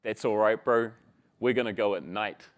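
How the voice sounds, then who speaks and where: A man voicing a young New Zealand boy who speaks haltingly. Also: fairly high pitch, big pitch swings, a bit bright, a little hiss or hum. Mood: defiant. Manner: hesitant, halting. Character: young Kiwi boy, awed then defiant.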